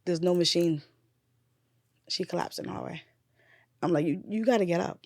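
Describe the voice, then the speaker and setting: A fairly low-pitched woman talks at a moderate pace, with no echo and clean studio sound. She's a nurse and bereaved mother sharing a painful memory in an open podcast conversation, swearing as she shifts from loud retelling to quiet grief.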